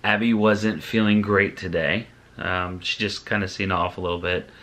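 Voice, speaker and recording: A father talks casually to his vlog audience in a lowish voice. He rambles in a relaxed way, with filler words and restarts as he recaps the family's day. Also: normal speed. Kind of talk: casual vlog talk to camera.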